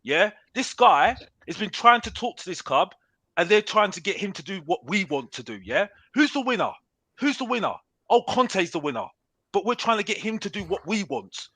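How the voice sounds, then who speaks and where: A man's voice: high-pitched, very animated, moderate pace, fairly bright tone, dry recording. A man ranting in a heated football debate, repeating "bruv" and talking over the others. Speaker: panelist on a football talk show.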